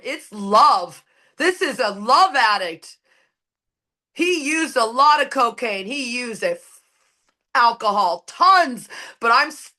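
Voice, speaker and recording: A woman's voice: a little high, sharp tone. A woman speaking at a recovery meeting, giving an impassioned, preachy share with blunt, profane emphasis. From Canada. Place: recorded at an online meeting.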